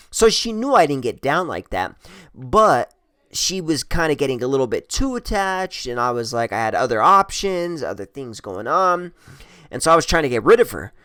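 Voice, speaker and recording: A man's voice: mid-range voice, fairly bright tone, no room sound. A man telling a personal story in a casual, rambling way, swearing a lot and joking crudely. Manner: profane, rambling, crude humor.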